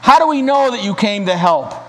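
A man's voice: sits high, expressive, fairly quick. A man voicing frightened, angry cave dwellers with fearful, scornful outbursts. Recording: reverberant hall, faint hiss.

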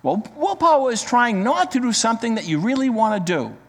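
A man voicing a sensible, patient male frog in a storybook reading, explaining things calmly. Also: very high-pitched, fairly quick, long reverb tail, slight background noise, pitched above the performer's own voice, heavily acted. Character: sensible male frog friend, calm and reasoning.

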